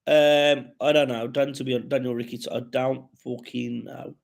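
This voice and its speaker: A man's voice: mid-range voice, flat delivery, normal speed, gravelly. A man with a West Midlands accent hosting a live stream, reading out comments with sweary, jokey banter.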